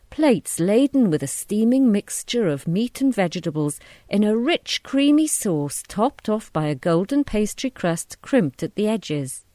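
A woman reading a short story aloud in a measured, descriptive narration. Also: mid-range voice, dark tone, dry recording, studio quality.

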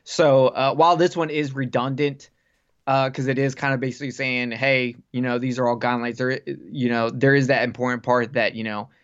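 A man's voice: mid-range voice, moderate pace, clean tone. A man on a podcast telling long casual stories, swearing freely and rambling. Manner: rambling, profane, animated storyteller. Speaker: podcast guest. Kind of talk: casual storytelling chat. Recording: dull lo-fi podcast audio.

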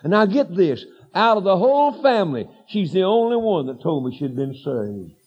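Man, evangelist preacher, high voice, folksy yarns that rise into shouted preaching, muffled sermon tape. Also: sing-song, normal speed, husky. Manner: folksy storytelling that builds to shouted declarations. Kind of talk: fiery revival sermon. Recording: dull lo-fi sermon recording.

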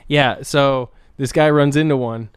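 Profane, animated podcast host with a smooth voice. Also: male voice, medium pitch, measured pace, no echo. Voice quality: animated storyteller, profane, laughs often. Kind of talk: casual crude podcast chat.

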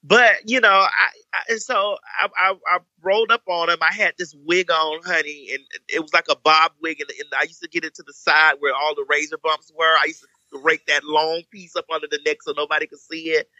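A young woman telling a story in casual chat, animated and campy, jumping up to a high squeaky voice for the people she quotes. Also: fairly quick, hardly any pauses, dry recording, dull audio. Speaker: podcast guest telling a story.

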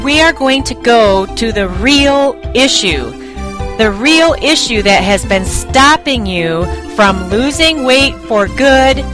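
Female podcast host, fairly high voice, emphatic and repetitive, light music underneath. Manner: emphatic, repetitive, direct to listener. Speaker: podcast host and weight loss coach. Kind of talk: scripted podcast monologue.

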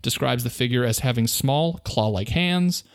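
A man's voice: mid-range voice, animated, normal speed, vocal fry, clean tone, no echo, clean studio sound. A man co-hosting a podcast, telling a story in a playful, joking way and laughing often. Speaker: podcast co-host. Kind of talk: casual storytelling chat.

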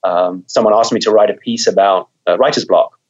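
A man with a lowish voice, talking as a guest author. He is thoughtful and loose, and he often restarts his words. The audio is dull and lo-fi. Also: steady tone, brisk, a little mellow. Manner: thoughtful, repeats words while thinking. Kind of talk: conversational interview.

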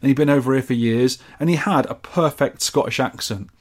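A man's voice: medium pitch, fairly quick, a little mellow, breathy edge. Chatty enthusiastic man from the UK. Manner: chatty and enthusiastic, rambling with restarts. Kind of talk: casual chat.

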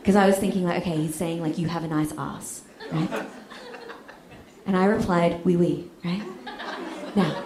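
A woman's voice: lowish voice, fairly even intonation, moderate pace, long pauses, a crowd in the background. A woman doing a bawdy stand-up comedy set, telling a story and laughing through her lines. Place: comedy club stage with audience. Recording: echoey club room, audience noise.

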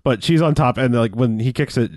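A man's voice: medium pitch, brisk, no room sound, clean studio sound. A man on a podcast casually retelling a movie's plot, acting out the characters' lines. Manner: animated retelling with acted-out quotes, frequent restarts. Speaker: podcast host. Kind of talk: casual movie-recap chat.

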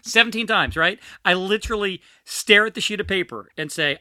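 A woman's voice: mid-range voice, sing-song, moderate pace, pushed and bright, dry recording. A trans woman hosting a podcast in casual, scatterbrained, self-mocking chat. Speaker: podcast host.

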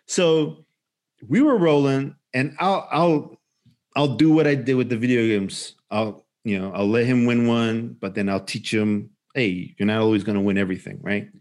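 A man in his forties casually chatting as a podcast co-host, telling an animated story with swearing and acted-out quotes. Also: medium pitch, measured pace. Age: 40s. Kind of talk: casual chat.

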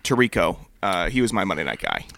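A man's voice: low voice, wildly swooping pitch, gravelly, fairly bright tone. A man co-hosting a podcast, chatting casually with short reactions. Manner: short reactions and quick replies. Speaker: podcast co-host. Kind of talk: casual chat.

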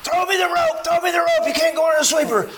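A man voicing his frantic male fishing buddy, yelling high and strained across a river. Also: fairly even intonation, fast talker, background noise. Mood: yelling warnings.

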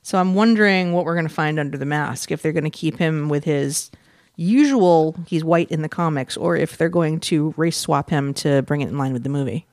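A man chats about comics with a gravelly, fry-laden voice. The sound is close and dry, with no room around it, and he chimes in with curious quick asides. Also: a little high, no echo. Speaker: podcast co-host. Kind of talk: casual comic book podcast chat.

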